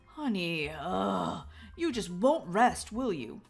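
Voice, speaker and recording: A woman's voice: on the low side, big pitch swings, slow pace, gravelly, reverberant, long reverb tail, soft background music, exaggerated voice. A woman doing a fretful young husband. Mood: weary. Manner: fretful, doting. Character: gentle worried young husband and dad-to-be.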